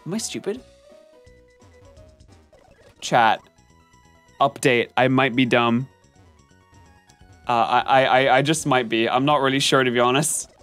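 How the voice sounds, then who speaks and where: A man's voice: medium pitch, fairly even intonation, measured pace, long pauses, fairly bright tone, clean tone. Male streamer, gameplay commentary, reading chat, self-mocking, melodramatic, faint game music behind.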